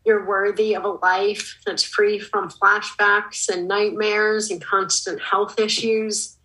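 Female podcast guest, slow and earnest, bright tone. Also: medium pitch, little pitch movement, rough recording. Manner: slow, earnest and encouraging, with many "um"s. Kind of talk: casual podcast interview.

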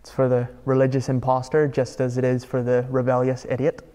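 A man's voice: medium pitch, completely flat delivery, a little fast, warm tone, smooth, in a large hall. A man preaching a sermon in a conversational, emphatic way, asking his listeners rhetorical questions. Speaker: pastor.

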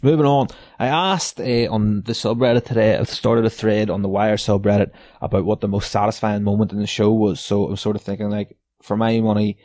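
Guy ranting on his podcast, lowish mellow voice, swears constantly, dry sarcastic laughs. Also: no echo. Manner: sweary, sardonic, laughs between lines. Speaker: podcast host. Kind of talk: casual solo rant.

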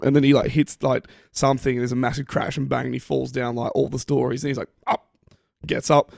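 Gravelly Australian man chatting. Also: mid-range voice, fast talker, no echo, studio quality. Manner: swearing, animated retelling with silly voices. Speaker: podcast co-host. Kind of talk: casual banter.

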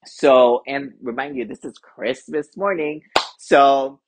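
A woman's voice: low voice, measured pace. An American woman hosting a spiritual podcast, telling a personal story in a chatty way with lots of "like" fillers. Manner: chatty, many "like" fillers, animated retelling. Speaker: podcast host and intuitive card reader. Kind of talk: casual storytelling monologue.

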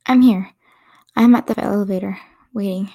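A woman's voice: medium pitch, fairly even intonation, normal speed, gravelly, warm tone. A woman playing a frightened tearful young woman. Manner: shaky, breathless, half-whispered.

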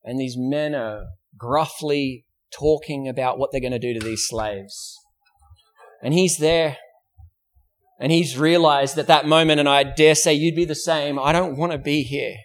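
A man's voice: a little high, fairly even intonation, measured pace. Man preaching a story-driven sermon. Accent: Australian. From Australia. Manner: storytelling preacher, acts out quoted voices; asks rhetorical questions. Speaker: pastor. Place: church.

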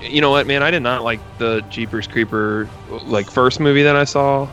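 A man in a casual chat who tells movie scenes in a rambling, animated way full of fillers and asides. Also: mid-range voice, moderate pace, lo-fi sound, faint music behind.

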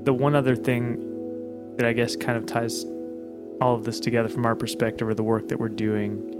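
A man speaking in a measured, earnest and reflective way during a conversation. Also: medium pitch, flat delivery. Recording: loud guitar music under the voice.

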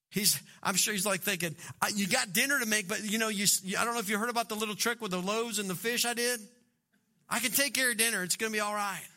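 A man's voice: high-pitched, pushed and bright. A middle-aged man preaching a sermon, joking and acting out quoted voices. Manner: humorous, acts out quoted voices. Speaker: pastor.

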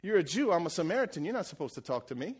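A man's voice: a little high, big pitch swings, rapid-fire, a little mellow, slightly rough. A preacher playing a sassy Samaritan woman. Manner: casual, streetwise talk.

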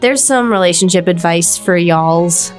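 A woman's voice: fairly low pitch, unhurried, faint music behind. A young woman co-hosting a casual podcast, talking earnestly and hedging often with "like". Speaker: podcast co-host. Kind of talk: casual chat.

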